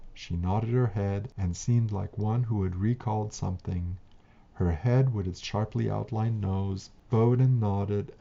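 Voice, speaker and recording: Deep gravelly male storyteller. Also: mellow. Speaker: narrator. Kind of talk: storybook reading. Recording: dull lo-fi recording.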